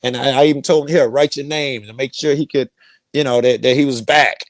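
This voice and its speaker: A man's voice: mid-range voice, steady tone, a little fast, no room sound. A middle-aged man telling a rambling personal story, profane and repeating himself. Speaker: guest storyteller.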